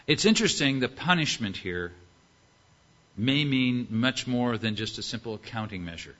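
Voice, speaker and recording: A man's voice: medium pitch, lively intonation, normal speed, sharp tone, muffled recording. A man preaching a sermon, reading scripture and acting out its characters with rhetorical questions.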